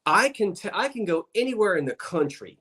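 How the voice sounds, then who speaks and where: A man's voice: high-pitched, sing-song, a little fast, pushed and bright, husky. A man with a South Jersey Delaware Valley accent, chatting and rambling on a video call livestream. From South Jersey, USA. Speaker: guest on livestream. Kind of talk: casual livestream chat.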